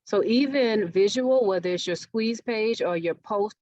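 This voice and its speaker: A marketing speaker teaches a business workshop engagingly, often asking listeners if they're following along. Her middling-pitched voice is a little mellow and a little slow. The webinar audio is dull and dry, with no room sound.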